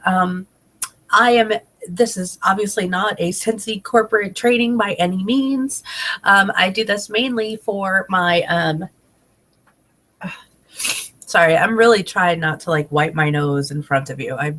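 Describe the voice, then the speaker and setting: A woman's voice: medium pitch, measured pace, a bit bright. A woman in her thirties giving a chatty, upbeat training talk on a webcam, her voice congested from a head cold. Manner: chatty and upbeat, many fillers. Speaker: direct sales team trainer. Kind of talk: casual training video. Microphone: webcam video call.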